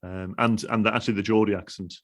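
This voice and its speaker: A man's voice: on the low side, steady tone, fast talker, a bit bright. Rambling man hosting a chat. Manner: rambling, many restarts, laughs often. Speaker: podcast host. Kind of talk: casual interview talk.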